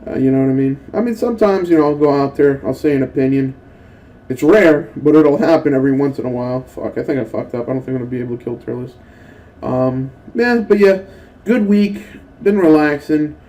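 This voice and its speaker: Rambling, profane, and prone to excitable acted-out quotes, a young gaming channel host tells stories between moves in casual gameplay commentary. He speaks briskly in a mid-range voice, and the recording is rough.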